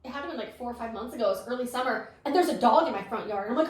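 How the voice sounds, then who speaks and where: Lively, high-voiced woman in an echoey room. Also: rapid-fire, heavy background noise. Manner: animated storyteller, acts out voices, laughs often. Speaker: podcast co-host. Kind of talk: casual chat. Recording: echoey room, distant mic.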